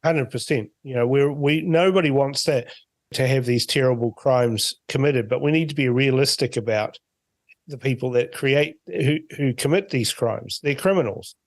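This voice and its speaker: A man's voice: mid-range voice, moderate pace, no room sound. A man from New Zealand hosting a political talk show, speaking bluntly and dismissively. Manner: blunt, dismissive, plain-spoken. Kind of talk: political talk radio chat.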